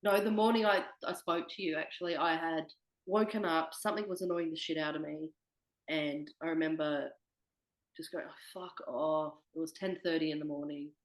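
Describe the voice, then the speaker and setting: A woman's voice: low-pitched, fairly even intonation, fairly quick, echoey room, rough recording. A young woman speaking candidly as an interview guest, swearing freely and quoting herself. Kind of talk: candid personal conversation.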